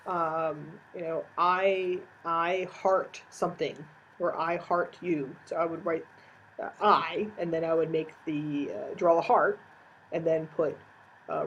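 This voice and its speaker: Lady lecturer explaining stuff, lots of uhs, lowish voice, bit of hiss. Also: muffled recording. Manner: explanatory, many "uh" fillers. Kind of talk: recorded course lecture.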